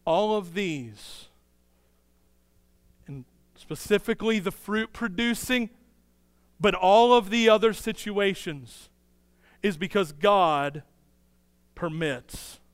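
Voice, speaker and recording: A male pastor preaching a sermon, acting out quick bits of dialogue as he tells a story. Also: high voice, clear, resonant tone, no echo, long reverb tail. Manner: animated storytelling, acts out dialogue in quick bursts.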